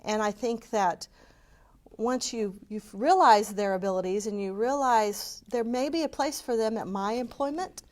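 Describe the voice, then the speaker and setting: A woman's voice: a little high, darkish tone. A woman giving a passionate, earnest community talk to a live audience and answering their questions. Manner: earnest, passionate, talks openly. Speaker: community presenter.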